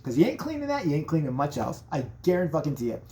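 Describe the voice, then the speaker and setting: A woman telling a profane, rambling comedic story in a brash, animated way. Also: low-pitched, rapid-fire, a little hiss or hum.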